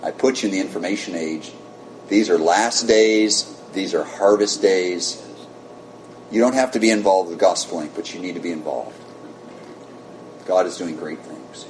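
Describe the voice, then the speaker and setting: An American man preaching, telling a story with animated rises and soft, low drops. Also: moderate pace, long pauses. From United States. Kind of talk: sermon storytelling. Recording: echoey room with faint rumble.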